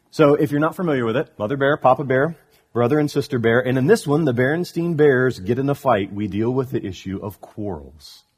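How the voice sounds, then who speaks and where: A man preaching a sermon as a pastor, telling a story in an animated way, with touches of humor. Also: medium pitch, slightly rough.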